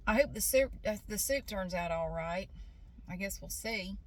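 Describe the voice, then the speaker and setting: A woman's voice: mid-range voice, animated, moderate pace. A middle-aged woman chatting casually in a rambling vlog, often laughing as she talks. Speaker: vlogger.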